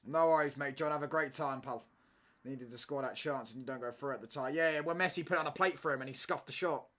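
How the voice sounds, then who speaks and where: A young man talks football to his stream viewers, loose and animated. He keeps throwing in slang and checking that the chat follows his point. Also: mid-range voice, quick pace. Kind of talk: casual chat. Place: home streaming setup.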